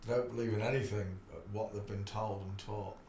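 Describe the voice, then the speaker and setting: A man's voice: on the low side, steady tone, brisk, dark tone. A man hosting a rambling live stream, chatty and loose, laughing often between asides. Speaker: livestream host. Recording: echoey room, faint background noise.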